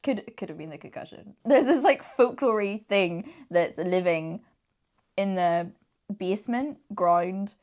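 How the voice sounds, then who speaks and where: A woman's voice: mid-range voice, expressive, a little slow, darkish tone. A young woman chatting casually about books she loved, enthusiastic and giggling often between sentences. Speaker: book reviewer. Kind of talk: casual chat.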